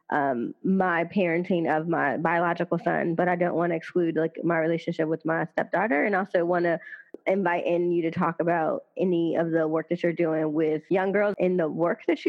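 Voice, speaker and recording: A woman hosting a casual podcast conversation, chatty and animated, with lots of "you know" and "like". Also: on the low side, highs cut off. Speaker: podcast host.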